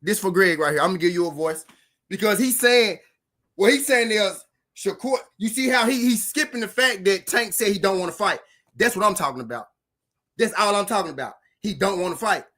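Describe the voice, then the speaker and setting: Speaking a little fast, a boxing channel host with a high, pushed, bright voice sounds animated. His casual reaction rant to viewers is heated and profane, and he keeps repeating himself.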